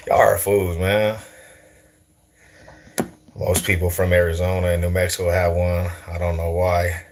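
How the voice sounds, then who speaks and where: A YouTuber in his forties from East Side Denver, Colorado, answers comments in a casual livestream chat, speaking with a local street accent and heavy slang. His voice is deep and his delivery flat and slow, with long pauses and a little hiss or hum in the audio. He repeats himself and laughs a lot between remarks.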